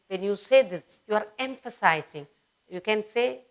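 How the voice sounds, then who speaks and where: A woman's voice: mid-range voice, animated, moderate pace. A woman teaching grammar to children, stressing and repeating each example sentence.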